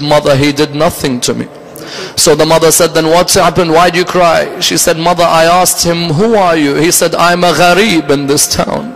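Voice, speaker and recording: A man giving a Muharram majlis sermon, telling the story step by step and building to an impassioned, near-shouting recital. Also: on the high side, rough recording. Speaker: Islamic lecturer.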